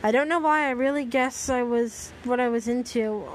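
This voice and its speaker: A woman's voice: on the high side, normal speed, slight background noise, lightly acted. A woman reading a grieving young hero. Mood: remorseful.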